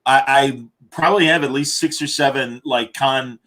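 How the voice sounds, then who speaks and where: A man's voice: mid-range voice, steady tone, normal speed, sharp tone. A man hosting a casual chat, telling stories eagerly with frequent restarts. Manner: enthusiastic storyteller, hesitant restarts. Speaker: podcast host.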